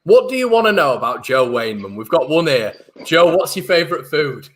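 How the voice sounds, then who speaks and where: A man's voice: a little high, very animated, fairly quick. A young man hosting a football fan stream, reading out viewer comments in upbeat, chatty talk with frequent restarts. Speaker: host of a football fan channel.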